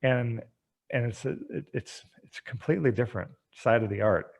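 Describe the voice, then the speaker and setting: A man speaking as a podcast guest, an energetic storyteller who acts out bits of dialogue. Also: medium pitch, fairly quick, gravelly, breathy edge. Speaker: guest, treatment center founder. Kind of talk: podcast interview.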